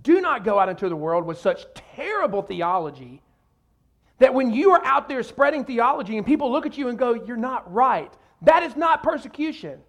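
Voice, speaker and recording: A man preaching a sermon in a lively, conversational way, often acting out quoted voices and using casual asides. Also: extremely high pitch, a little fast, vocal fry. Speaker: pastor.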